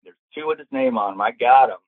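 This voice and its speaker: A man telling a long casual anecdote, lively and acting out the voices of the people in it. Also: medium pitch, quick pace, dry recording. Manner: animated, acts out quoted voices. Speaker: storyteller guest. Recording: tinny phone-like sound.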